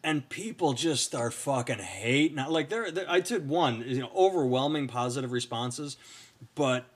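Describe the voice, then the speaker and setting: A man with a voice of middling pitch rambles through casual podcast stories, acting out other people's lines as he goes. He talks in a loose, offhand way. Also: lively intonation, moderate pace, slightly rough. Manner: rambling, storytelling with acted-out quotes. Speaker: podcast co-host. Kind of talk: casual chat.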